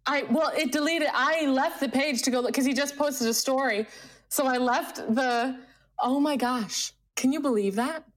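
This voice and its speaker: A woman co-hosting a podcast in casual chat, giggly and excitable, reading a message aloud and laughing herself breathless. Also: sits high, moderate pace. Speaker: podcast co-host.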